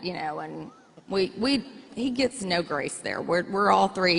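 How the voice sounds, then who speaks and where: Her voice is lowish and creaky, her delivery unhurried, as this guest in her forties shares candid, humorous stories about family life with her coach husband. She's addressing an audience in a hall with noticeable echo.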